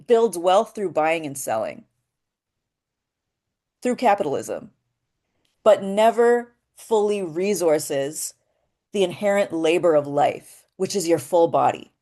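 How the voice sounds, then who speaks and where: A woman speaks in a somewhat low voice, earnest and unhurried. She gives a reflective talk on voice work in spiritual terms and keeps checking in with a soft rhetorical question. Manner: earnest, often asks a rhetorical "right?". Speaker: voice actor and workshop speaker.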